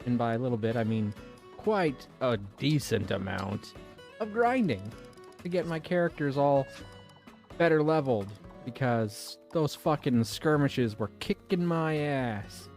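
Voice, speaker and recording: A man chatting to his viewers while he plays a game. He wanders from thought to thought and pokes fun at himself, with plenty of casual swearing. His voice sits at an ordinary pitch for a man, with faint music underneath. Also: lively intonation, a little slow, creaky, darkish tone. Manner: rambling, self-mocking and swearing freely. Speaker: game streamer. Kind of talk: casual let's-play commentary.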